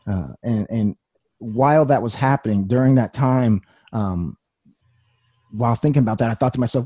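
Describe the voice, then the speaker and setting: A man's voice: mid-range voice, normal speed, pauses often, mellow, breathy edge, no room sound. A young man giving a personal testimony talk, telling his story earnestly with wry humor.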